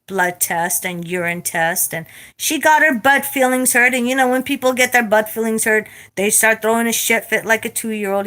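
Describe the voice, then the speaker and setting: A woman telling a story in a casual vlog rant, blunt and profane, animated as she retells it. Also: medium pitch. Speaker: vlogger.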